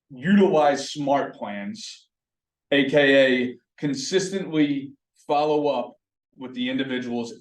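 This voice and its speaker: Man coaching a meeting, roomy, distant. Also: medium pitch. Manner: energetic, coaching, rhetorical questions. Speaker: team meeting presenter. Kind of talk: motivational team meeting talk. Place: meeting room.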